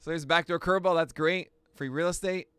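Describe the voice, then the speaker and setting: A man hosting a pitching analysis, talking through each pitch with excitable outbursts. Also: fast, smooth, no echo. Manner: excitable, bursts into shouts and laughs. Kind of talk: excited play-by-play pitch breakdown.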